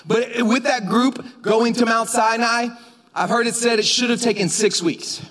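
A man with a notably high voice preaches a sermon in a church sanctuary. He keeps it conversational and casual, then climbs into shouts when he drives a point home. His voice rings out with the long reverb of a large hall. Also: fairly even intonation, unhurried. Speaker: pastor.

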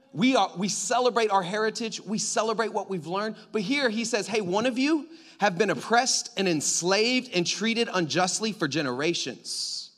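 A pastor preaching a sermon, moving between loud emphatic lines and hushed, intimate near-whispers while talking straight to the congregation. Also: male voice, high voice. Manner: conversational, addresses congregation directly.

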